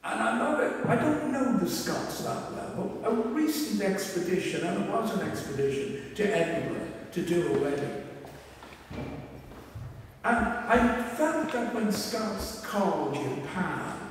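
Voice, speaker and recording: A man's voice: high voice, big pitch swings, measured pace, a little hiss or hum. A man preaching a sermon as a minister, chatty and humorous, with asides. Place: church. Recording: echoey church hall from far off.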